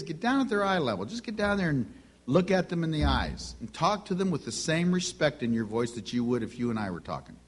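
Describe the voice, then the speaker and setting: A middle-aged man preaching a sermon, telling stories with lively delivery and acting out the voices of the people in them. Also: fairly high pitch, husky. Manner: animated storytelling, acts out quoted voices.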